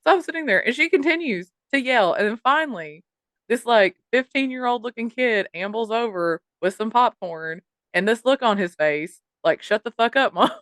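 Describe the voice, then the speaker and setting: A woman's voice: fairly high pitch, expressive, moderate pace, fairly bright tone, no room sound, studio quality. A woman co-hosting a podcast, telling a story in casual chat, swearing and mimicking the people she quotes. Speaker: podcast co-host.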